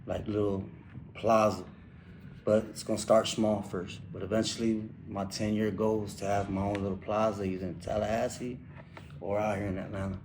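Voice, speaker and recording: A young man speaks in a low, flat voice, telling his own hard past in halting phrases. He restarts often and lets his words fall quiet at times. Faint background noise sits under the voice. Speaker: interviewee, incarcerated man. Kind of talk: candid personal testimony.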